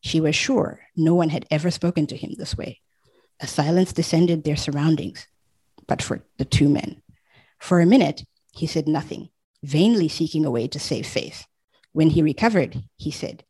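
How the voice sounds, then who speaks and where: A woman reading a romance novel aloud as audiobook narrator, with steady, even storytelling. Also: sits low, normal speed, slightly rough, no echo, low-quality recording.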